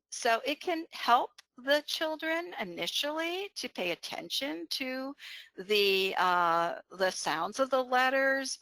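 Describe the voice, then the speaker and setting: Slow, bright-voiced woman teaching online. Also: fairly low pitch, creaky, dry recording. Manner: slow, explanatory, with frequent fillers and check-ins. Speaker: webinar presenter on bilingual education.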